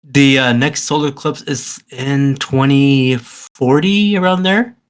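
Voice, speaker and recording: A keen man talks at a middle pitch in loose, casual podcast chat. He gets excited easily and trips over his words, restarting sentences as he goes. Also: slow, clear, resonant tone. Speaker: podcast co-host.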